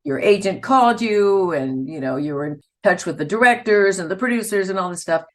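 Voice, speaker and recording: A woman's voice: medium pitch, animated, a little fast. A woman, a voice actor telling stories in a casual interview and laughing often. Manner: chatty, laughs often, storytelling. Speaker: voice actor guest.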